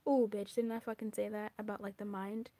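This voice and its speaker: A woman giving a casual, animated spoken card reading. She talks in a chatty way with swearing, drops into whispers, and acts out little asides. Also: medium pitch, brisk, no echo. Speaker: tarot reader.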